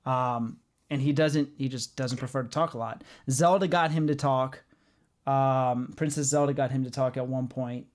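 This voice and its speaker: With a medium-pitched, steady voice at normal speed, a man chats on his casual comics podcast. He argues his points firmly and explains at length, peppering it all with ums and uhs.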